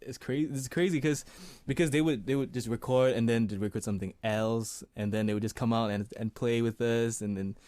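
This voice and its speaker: Male singer-songwriter guest, casual and relaxed, mid-pitched voice, halting restarts, dry close sound. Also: dry recording. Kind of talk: casual interview chat.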